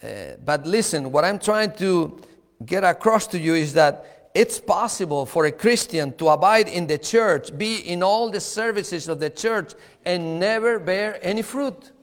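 Slow-preaching man in a reverberant hall. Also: high-pitched, expressive. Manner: slow, repetitive, emphatic preaching with small chuckles. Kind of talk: sermon.

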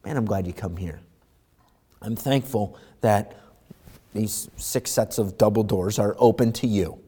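A man's voice: unhurried, slightly rough. A man preaching a sermon in a church, talking conversationally and acting out little scenes. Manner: animated, conversational, acts out voices with rising pitch. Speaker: pastor. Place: church sanctuary.

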